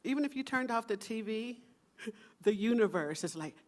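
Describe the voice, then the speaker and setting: A woman minister giving a sermon to a church congregation, soft and meditative, with playful asides. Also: fairly high pitch, expressive, normal speed.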